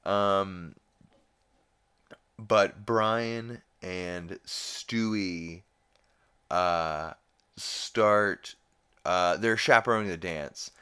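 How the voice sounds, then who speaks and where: Man, podcast host, very low voice, smooth resonant tone, rambling casual recap. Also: drawn-out words, long pauses, bright, forceful tone. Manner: rambling, filler-heavy retelling.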